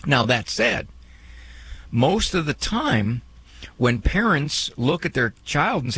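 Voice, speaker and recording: Husky, animated male advice host. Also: on the high side, slow pace. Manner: fatherly, animated, acts out what people say. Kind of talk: call-in advice talk.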